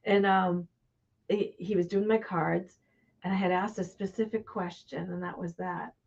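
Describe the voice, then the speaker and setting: An older woman hosting a live broadcast, telling a personal story in a lively way and laughing at herself, her voice jumping higher when she gets excited. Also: unhurried, lo-fi sound. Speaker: host. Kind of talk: casual conversation on a live broadcast.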